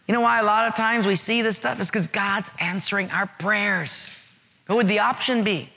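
Animated, bright-voiced male pastor. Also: high voice, moderate pace, gravelly, slight background noise. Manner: lively, conversational preaching with humor. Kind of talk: sermon.

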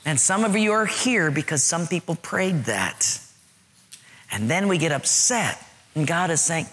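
A middle-aged man preaching a sermon in a lively, conversational way with humor. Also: fairly high pitch, unhurried. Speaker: pastor.

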